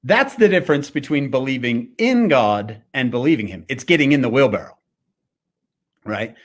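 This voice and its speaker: A man's voice: medium pitch, lively intonation, moderate pace. A man giving a devotional fireside talk, telling a story with animation and frequent fillers and restarts. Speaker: speaker.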